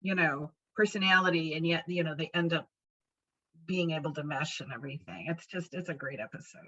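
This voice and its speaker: An enthusiastic woman guest on an online panel talks at length, circling back with fillers. Her voice is bright and forceful but sits low for a woman. The call audio is dull and lo-fi. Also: fairly quick, husky. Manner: enthusiastic, rambling, many fillers and laughs. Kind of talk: casual panel discussion.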